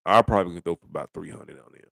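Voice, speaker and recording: A man's voice: low voice, racing, vocal fry, bright, forceful tone, dry recording. A middle-aged man ranting bluntly about football in a rambling, casual way, full of rhetorical questions. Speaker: sports commentator. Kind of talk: casual sports rant.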